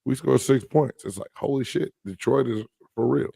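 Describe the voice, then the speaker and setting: A man's voice: mid-range voice, normal speed, vocal fry, dark tone, breathy edge, no room sound. A man co-hosting a sports podcast, arguing football points emphatically in casual debate. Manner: emphatic, argumentative football fan.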